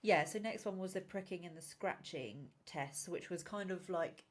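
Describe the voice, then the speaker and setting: A woman's voice: on the low side, moderate pace. A woman co-hosting a podcast in casual chat, giggling often as she explains each point. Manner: giggly, explains topics with loose asides. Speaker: podcast co-host.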